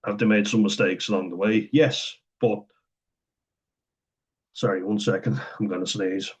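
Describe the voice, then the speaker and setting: Deep husky man talking casually. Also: fairly even intonation, a little slow. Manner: rambling and candid, swears casually, laughs often. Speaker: vlogger. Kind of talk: casual talk to camera, reading and commenting.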